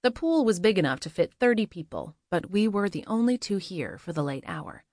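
Low-voiced woman narrating a story. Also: sing-song, normal speed, a little mellow, no echo, clean studio sound. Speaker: audiobook narrator. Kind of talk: first-person scripted narration.

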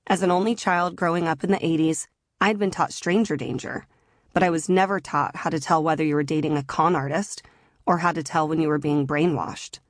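A woman in her thirties narrating her own memoir audiobook in a measured, earnest way. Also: low voice, no room sound, studio quality.

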